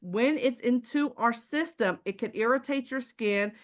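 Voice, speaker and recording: A woman's voice: a little high, a little slow. A woman giving an emphatic presentation, asking the audience rhetorical questions and addressing them directly.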